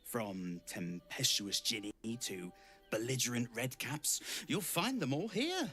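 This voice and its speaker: An actor playing a flattering, smooth-talking male circus barker in a video game. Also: medium pitch, slow, soft background music, full character voice. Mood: showy. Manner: theatrical, flattering, sing-song announcing. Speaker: circus greeter.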